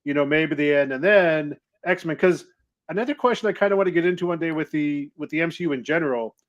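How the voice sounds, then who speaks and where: A man's voice: fairly high pitch, fast talker, lo-fi sound. A man co-hosting a live podcast, speculating thoughtfully at length. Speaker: podcast co-host. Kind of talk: live podcast chat about films.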